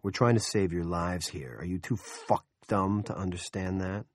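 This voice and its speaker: An impatient young cop, as a male narrator plays him, lecturing with crude, exasperated profanity. The low voice is recorded close and dry. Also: steady tone, moderate pace, no room sound.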